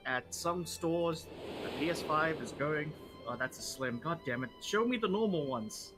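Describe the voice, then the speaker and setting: A man's voice: fairly high pitch, moderate pace, over music. A man from Australia chatting casually with some swearing during a game stream. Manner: laid-back, sweary. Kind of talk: casual chat over gameplay.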